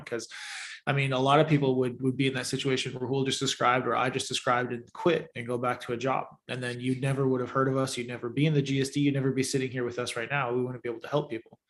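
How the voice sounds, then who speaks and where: A man's voice: mid-range voice, flat delivery, quick pace, fairly bright tone, a little hiss or hum. A man co-hosting a livestream, talking earnestly and straight to the listeners. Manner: earnest, talks straight to the audience. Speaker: podcast co-host, agency owner. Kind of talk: casual livestream chat.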